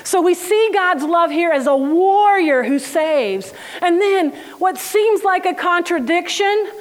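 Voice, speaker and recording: Woman, high voice, conversational sermon, animated, laughing storyteller, slow scripture reading. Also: rough recording. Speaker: Bible teacher.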